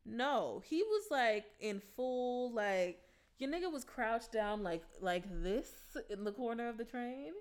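A woman's voice: fairly high pitch, expressive, unhurried, smooth. A young woman telling a story in casual chat, blunt, profane and sassy.

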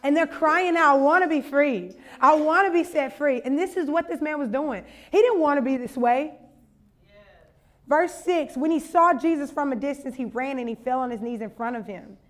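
High-voiced young woman preaching a sermon. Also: normal speed. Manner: conversational, humorous, building to impassioned exhortation. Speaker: conference speaker.

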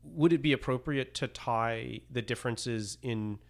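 A man's voice: mid-range voice, measured pace, creaky. A man asking long, tentative questions in a casual interview.

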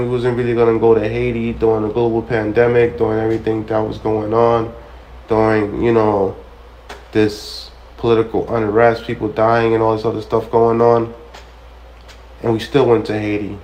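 A man's voice: lowish voice, a little mellow, a little hiss or hum, poor audio. A man hosting a ministry show, talking casually and preacher-like, repeating phrases for emphasis and acting out quoted conversations as he tells stories. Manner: storytelling that acts out quoted dialogue. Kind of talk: casual spoken testimony.

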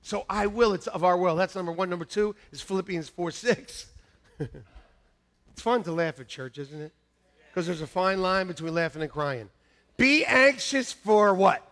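A man preaching a lively sermon in a church, laughing and repeating lines to the congregation, shouting some quotes. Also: sits high, normal speed. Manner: shouts mock-angry quotes at peaks. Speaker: pastor.

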